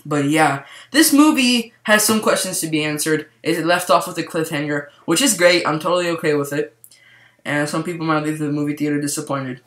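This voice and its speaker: A man giving a casual movie review to camera, rambling and excited, with lots of "like" fillers. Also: a little high, a little fast. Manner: rambling, excitable, heavy use of "like". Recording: roomy echo.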